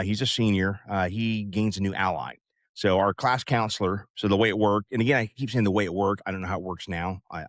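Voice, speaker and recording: A man in his fifties tells a long personal story in a low, unhurried voice. He rambles, with plenty of "uh" and "you know" asides. The sound is close and dry, with no room echo. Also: a bit bright. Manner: rambling, many fillers and asides. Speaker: podcast host. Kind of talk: casual storytelling.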